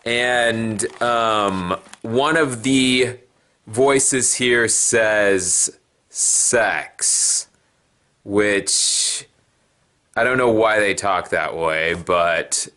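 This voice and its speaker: A man's voice: fairly low pitch, fairly bright tone. A man hosting a paranormal investigation show, narrating a ghost hunt in an earnest, plain-spoken way.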